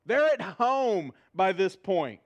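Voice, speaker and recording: A middle-aged man, preaching a sermon in a church to a live audience, animated and humorous, asking the crowd questions. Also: high-pitched, slow, muffled recording. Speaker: pastor.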